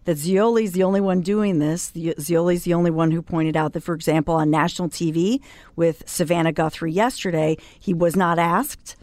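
A woman co-hosting a talk radio show, making measured, pointed remarks. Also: fairly low pitch, fairly even intonation, a little mellow, no room sound. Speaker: radio co-host.

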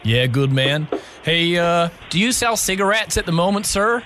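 Brief: man doing a brash fake American caller, drawn-out R's, high lively voice. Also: heavy background noise. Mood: chummy. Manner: exaggerated drawn-out American accent, stretched R's. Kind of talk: prank call comedy bit.

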